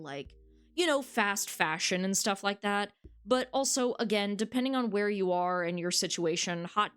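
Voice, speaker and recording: A woman's voice: medium pitch, clean tone. A woman streaming a dating game, reading its text aloud and chatting casually with viewers, frank and swearing freely.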